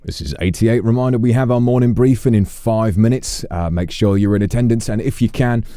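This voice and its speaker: A man playing a police chief in a role-play, briefing officers in a brisk, fatherly, chatty way. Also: lowish voice, mellow, clear, resonant tone, dry recording, clean studio sound. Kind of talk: in-character role-play chat.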